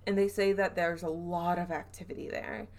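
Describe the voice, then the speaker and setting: Woman podcast host, lower-pitched, chatty storyteller who laughs and trails off a lot. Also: level tone, normal speed. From Southern US. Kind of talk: casual storytelling chat.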